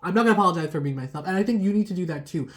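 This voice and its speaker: A woman's voice: lowish voice, expressive, rapid-fire. Rambling woman doing a tarot reading. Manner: rambling, many "like" fillers, laughs at herself. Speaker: tarot reader. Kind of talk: casual tarot reading to camera.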